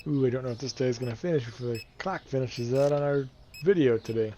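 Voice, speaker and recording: A man's voice: mid-range voice, fast talker, warm tone, a little hiss or hum. A man giving playful, casual commentary over a game, counting and thinking aloud to himself while he keeps yawning. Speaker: let's play gamer.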